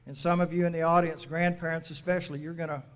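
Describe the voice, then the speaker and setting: 60s guy, a mayor giving a grad speech, folksy storyteller, bit of a higher voice, long echoey hall. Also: flat delivery, fast talker, a bit bright. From United States. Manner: folksy storytelling with quoted dialogue. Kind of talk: commencement address. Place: large graduation venue. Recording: echoey hall from a public address.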